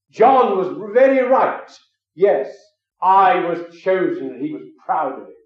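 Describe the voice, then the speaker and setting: A man preaching a sermon, telling a story and then rising into emphatic declarations before a gathering. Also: high-pitched. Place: a room with an audience. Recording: very echoey, dull lo-fi recording.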